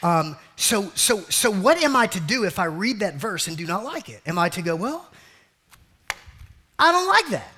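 A male pastor preaching with a bright, high, lively voice that swings up and down. He delivers an animated sermon, slipping into mock complaints and calling his listeners family and beloved. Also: a little fast, hardly any pauses, slight background noise. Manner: animated preaching, acting out a grumbling believer in a higher voice; addresses congregation as family and beloved.

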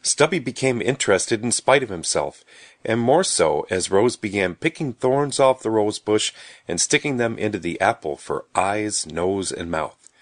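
A man narrating a children's story in an expressive storybook reading. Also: fairly low pitch, normal speed, no echo, clean studio sound.

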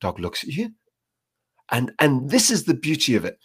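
A man talking in an interview about training dogs. He tells his stories in a relaxed way, slipping into short acted-out voices. His voice sits at an ordinary, middle pitch. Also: moderate pace, breathy edge. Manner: storytelling, acts out little quoted scenes. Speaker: dog trainer, guest. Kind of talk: casual interview talk.

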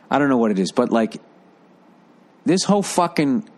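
A man's voice: medium pitch, big pitch swings, slow pace, a little mellow. An older man ranting in a rambling, profane, exasperated way, like a commentator. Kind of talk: profane comedic rant.

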